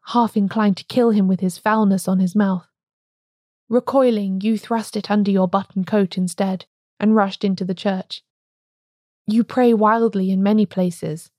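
Woman playing old priest-detective, grave, gentle, quiet, storybook reading, mellow, dry. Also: mid-range voice, dry recording, close to an everyday voice.

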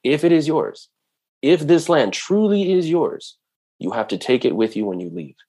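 A man voicing a calm, wise old native woman who speaks patiently and gently but firmly. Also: on the high side, normal speed, voice pushed up.

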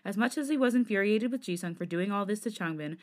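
Brief: woman host, mid-pitched, dramatic fan-fiction narration. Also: fast talker. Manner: expressive, dramatic reading. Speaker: podcast host. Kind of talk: reading fan fiction aloud.

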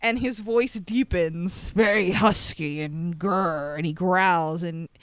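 A woman's voice: on the low side, takes it slowly, no echo. A woman casually recapping a movie plot in a wry, chatty way, laughing often. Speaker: podcast co-host.

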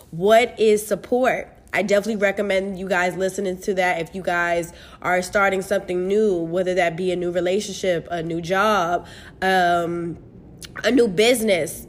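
Candid young woman podcast host. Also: lowish voice. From United States. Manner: candid, profane, animated with bursts of laughter. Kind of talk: casual solo podcast chat.

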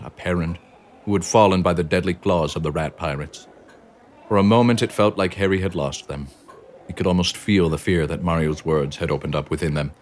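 Deep male storybook narrator, steady and expressive; faint hiss.

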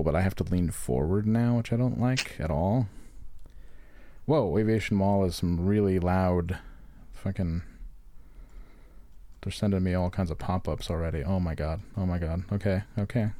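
A man's voice: sits low, moderate pace, pauses often, dark tone, no room sound. Laughing, profane man podcasting. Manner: profane, laughing, reads reviews aloud. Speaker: podcast co-host. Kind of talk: casual comedic chat.

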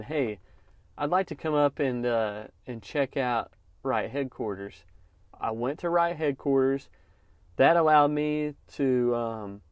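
A man's voice: mid-range voice, no room sound. A man telling a story on his podcast in a casual, encouraging way and calling listeners "man.". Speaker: podcast host, lawn care business owner. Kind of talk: casual motivational podcast talk.

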